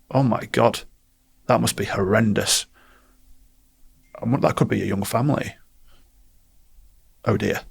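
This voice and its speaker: Gravelly man, animated storyteller. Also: mid-range voice. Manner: animated storytelling, acts out quotes. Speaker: guest, performance coach. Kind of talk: casual podcast interview.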